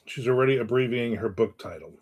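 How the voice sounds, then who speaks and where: A man's voice: medium pitch, fast, a little mellow, husky. A man who writes books, hosting his own stream in casual talk, telling stories and reacting to viewer comments. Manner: rambling, anecdotal, reads viewer comments aloud. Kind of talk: casual chat and storytelling.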